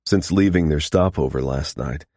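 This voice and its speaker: Deep, husky male audiobook narrator. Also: normal speed, a little mellow, no echo, clean studio sound.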